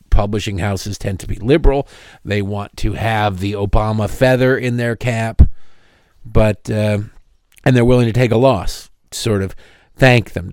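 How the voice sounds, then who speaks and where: A man's voice: lowish voice, a little mellow, no echo. Middle-aged guy doing a political talk monologue, sarcastic little asides, dry close studio sound. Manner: wry, sarcastic asides and tangents. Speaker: radio talk show host.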